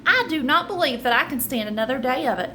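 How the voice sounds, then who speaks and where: A woman voicing a weary mother of quarreling twins, speaking low and calm, in a storybook read-aloud. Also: quick pace, slight background noise. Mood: exasperated.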